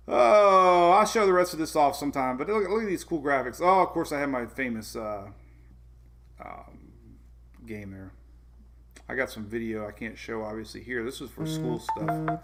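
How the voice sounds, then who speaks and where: Gravelly rambling weather-show host, a man. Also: medium pitch, lively intonation, normal speed. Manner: rambling, self-correcting, chuckles often, reads viewer comments. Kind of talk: casual livestream chat.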